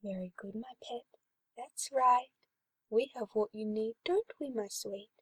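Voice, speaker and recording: A woman's voice: a little high, measured pace, husky, no room sound. A woman voicing a silky, purring mage lord.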